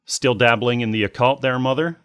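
A brisk, exasperated grown daughter scolds her eccentric mother in a lifted voice, as a man reads her part. She sounds put-upon and impatient. The recording is close and dry. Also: medium pitch, fairly even intonation, a bit bright, smooth, dry recording, pitched above the performer's own voice, close to an everyday voice.

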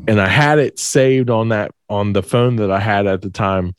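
A man telling a story in casual chat, animated and profane, often laughing. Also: fairly low pitch, moderate pace, smooth, no echo, clean studio sound. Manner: animated, profane, laughs through his stories.

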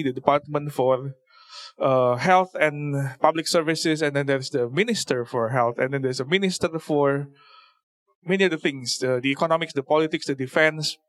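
A man's voice: on the high side, no echo. A man giving an informal church talk with scripture reading, speaking conversationally with many fillers and repeated words. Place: church service venue.

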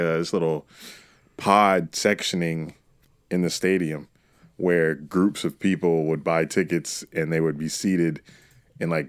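Deep-voiced guy in crude podcast banter. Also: no room sound, studio quality. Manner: crude, loud, rambling banter. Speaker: podcast co-host. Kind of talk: casual chat.

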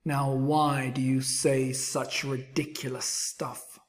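Man voicing a gruff storybook bear, sneering, slow delivery. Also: medium pitch, level tone, lightly acted. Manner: scornful, grumbling. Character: gruff big male bear, sulky and proud.

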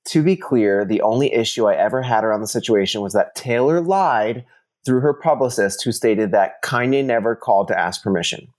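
A man co-hosting a casual gossip chat, rambling and animated as he vents his opinions. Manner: rambling, animated, jumps between pitches. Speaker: podcast co-host.

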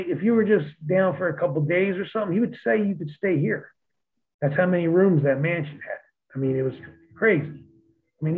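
A man telling stories in a casual chat, laid-back and profane, laughing often. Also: fairly high pitch. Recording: tinny phone-like sound.

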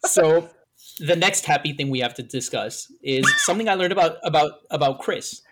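A man's voice: fairly high pitch, animated, moderate pace, fairly bright tone. A man hosting a casual talk show, swearing and laughing easily as he leads the chat. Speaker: host.

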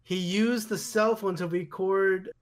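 A man with a very high voice reads a news story aloud on a casual podcast. His delivery is flat and matter-of-fact, with blunt asides in between. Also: measured pace, crowd noise. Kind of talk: reading a news item aloud in casual chat.

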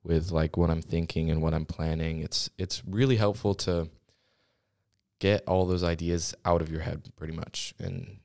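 A young man with a very low voice talks casually into a studio microphone, rambling and restarting his sentences. He keeps running short of breath between quick bursts of talk. The sound is dry and close, with no room echo. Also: steady tone, darkish tone. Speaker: podcast host. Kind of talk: casual solo podcast chat. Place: small school podcast studio.

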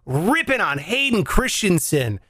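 A comedy show host delivering a jokey monologue, animated and quick to switch into silly voices. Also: mid-range voice, no echo. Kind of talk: comic monologue.

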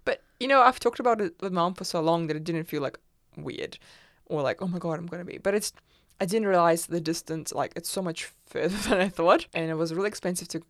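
A young woman from Kazakhstan telling her story in a casual interview, chatty, with lots of fillers and lively quoted voices. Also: fairly low pitch, brisk, no echo, studio quality. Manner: chatty storyteller, many fillers, laughs often, animated quoting. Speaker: interview guest.

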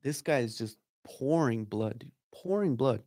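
A man's voice: medium pitch, animated, a little slow, darkish tone, no room sound. A man in a middle register, rambling through stories as a podcast guest. He swears often and keeps saying "dude". The voice sits close and dry on the mic. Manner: rambling, profane storyteller, lots of "dude". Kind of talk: casual chat.

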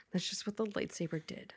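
A man's voice: high voice, normal speed. A man chiming in with short laughing asides while his co-host talks. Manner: brief backchannel and laughing asides. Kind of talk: casual chat.

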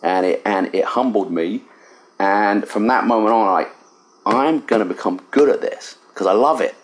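A middle-aged English man, a fly casting instructor, telling an animated, self-deprecating story in a casual interview in a cabin. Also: lowish voice, normal speed. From England. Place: riverside cabin.

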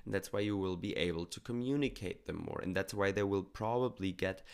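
Low gravelly man, calm coaching talk. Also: a little fast. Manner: calm, earnest, coaching tone with casual swearing. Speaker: podcast host. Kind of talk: reflective solo podcast talk.

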